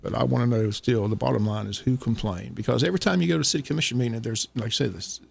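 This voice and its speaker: Gravelly, husky radio host. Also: male voice, medium pitch, fast. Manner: insistent, keeps repeating his questions. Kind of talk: casual radio talk.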